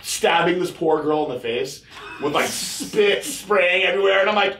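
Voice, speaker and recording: A man hosting a podcast, telling a crude story in a rambling casual way and mimicking others in high voices. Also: normal speed, fairly bright tone, a little hiss or hum. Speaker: podcast host. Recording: echoey room.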